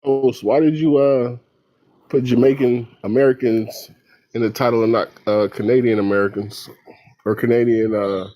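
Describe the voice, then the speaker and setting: A man's voice: mid-range voice, steady tone, moderate pace, no echo, muffled recording. A man in a casual group voice chat, asking curious questions. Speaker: chat participant.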